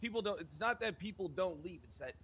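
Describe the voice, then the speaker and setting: A man's voice: sits high, lively intonation, brisk, creaky, fairly bright tone, slight background noise. A man roleplaying a cop in a heated, swearing rant, with his voice cracking with indignation. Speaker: roleplayer playing a police character. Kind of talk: heated GTA roleplay argument.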